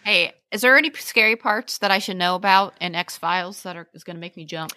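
A woman's voice: lowish voice, brisk, sharp tone, no room sound. A woman co-hosting a podcast in casual chat, with short, laughing comments. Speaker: podcast co-host.

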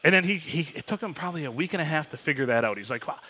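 A man's voice: fairly high pitch, animated, very fast, bright, forceful tone. A man in his forties, a podcast co-host, telling rambling, joking stories and swearing casually. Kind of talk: casual chat.

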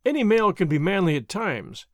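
A man's voice: sits high, big pitch swings, fairly quick, no room sound, clean studio sound. A man reading the part of a lazy, ironic young nobleman in an audiobook, drawling and mildly mocking. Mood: languid.

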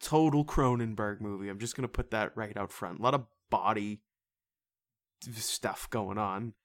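A podcast co-host reviewing a horror movie in casual chat, animated, swearing and laughing often, with many fillers. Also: mid-range voice, moderate pace.

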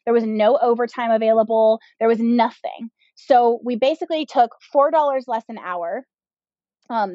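A business owner in her thirties, appearing as a podcast guest, candidly shares her personal story, sprinkling in lots of "like" and "um." Her voice is a little high and a little mellow, without echo, and the recording sounds dull and slightly lo-fi.

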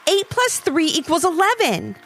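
A woman doing a bright, eager little girl. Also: slow pace, faint music behind, full character voice. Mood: triumphant. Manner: high, excited and confident. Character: bold, eager young girl. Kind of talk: children's storybook reading.

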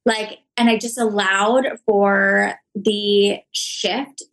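A woman talking slowly and earnestly in an unhurried podcast chat. Her words come reflective and full of fillers, at a mid pitch. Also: level tone, poor audio. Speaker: podcast guest. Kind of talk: casual conversation.

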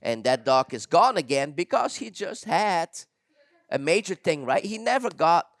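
Gravelly man telling animated stories. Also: a little high, moderate pace, dry recording. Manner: animated storyteller, acts out quotes, laughs often. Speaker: dog trainer and podcast host. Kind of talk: casual storytelling chat.

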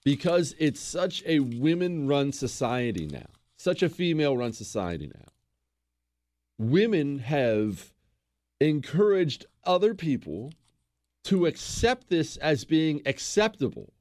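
A man's voice: fairly high pitch, big pitch swings, slow pace, darkish tone. A man hosting a talk show, ranting sarcastically and with emphasis. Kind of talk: opinionated radio talk.

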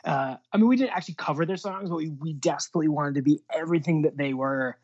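A man's voice: fairly high pitch, fast, darkish tone. Man, music booking agent, casual interview, rambling, lots of fillers, dull lo-fi recording. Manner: rambling, many fillers and restarts. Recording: dull lo-fi sound.

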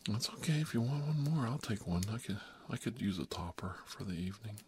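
A man with a very low, deep voice rambles through a comic story. He keeps it animated and wry and drops into hushed, whispery asides. A faint hum of noise sits under his voice. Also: a little fast. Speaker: comedic monologist.

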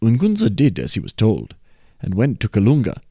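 A man reading a folk tale aloud in a measured, expressive way. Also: lowish voice, slightly rough, no room sound, studio quality. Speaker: storyteller.

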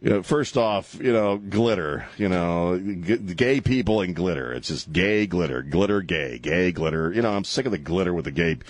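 A man's voice: sits low, expressive, moderate pace, hardly any pauses, no room sound. A male talk radio host ranting and mocking on a call-in show, laughing at his own jokes. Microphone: studio microphone.

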